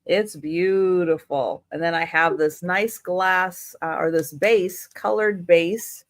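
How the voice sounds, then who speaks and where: A woman co-hosting a live sale, talking slowly and deliberately as she describes items. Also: on the low side, fairly even intonation. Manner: slow, deliberate, exclaiming. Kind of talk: casual live-stream selling.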